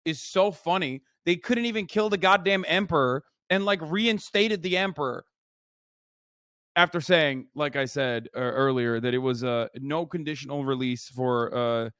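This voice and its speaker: A man with a fairly high, bright, smooth voice speaks at a moderate pace in clean studio audio with no room sound. He's streaming his reaction to a video, ranting in an animated, sarcastic way and swearing a lot in casual, profane commentary.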